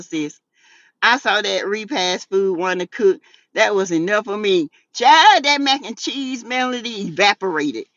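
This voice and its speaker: A Southern woman hosting a casual gossip show, sassy and animated, laughing often as she reads out chat messages. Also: medium pitch, no room sound, highs cut off. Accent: Southern US, South Carolina. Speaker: YouTube talk show host. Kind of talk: casual gossip commentary reading live chat.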